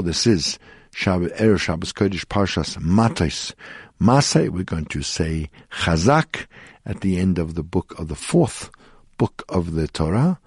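A middle-aged man speaks as a rabbi hosting a Torah talk radio show, telling stories sprinkled with Hebrew and Yiddish terms. His voice is low. The sound is dry and close, with no room around it. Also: a little mellow, slightly rough, no room sound.

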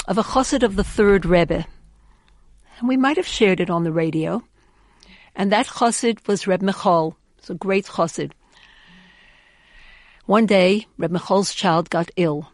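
A woman's voice: medium pitch, a little mellow, no room sound. Earnest woman telling an inspirational story. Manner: earnest, with emphatic repetitions. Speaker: inspirational speaker.

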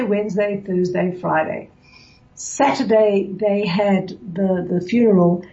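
A woman's voice: on the high side, darkish tone, lo-fi sound. A woman hosting a radio show, talking earnestly about mourning customs and telling a personal story, with many fillers and restarts. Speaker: radio host. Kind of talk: reflective radio talk on religious law.

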